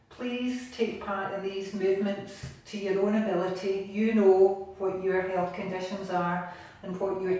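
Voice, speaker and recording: A Scottish woman gently leading a home exercise class from her bathroom, encouraging and patient. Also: mid-range voice. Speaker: exercise instructor. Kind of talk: guided seated exercise class. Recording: echoey room, distant mic, faint noise.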